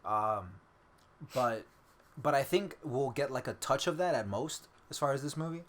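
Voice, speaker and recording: A man co-hosting a casual fan podcast, excited and swearing freely, often breaking into laughter. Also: medium pitch, normal speed. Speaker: podcast co-host.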